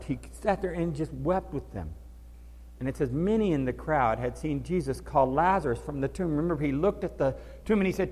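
A male pastor preaching with lively storytelling, his voice sitting a little high for a man. He acts out the characters he quotes. The sound carries a long hall reverb. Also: fairly quick. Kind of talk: sermon.

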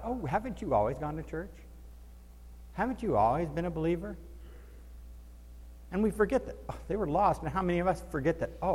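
A man preaching a sermon as a pastor, telling stories with animation and acting out the voices of the people he quotes. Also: a little high. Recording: long reverb of a large hall.

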